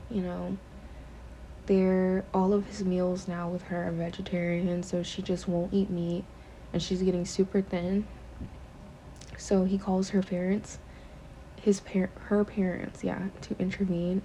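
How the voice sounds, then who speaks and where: A woman's voice: lowish voice, dark tone, a little hiss or hum. Rambling, profane woman retelling a story. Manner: rambling, profane, many fillers. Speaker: podcast host. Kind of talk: casual storytelling, retelling a book.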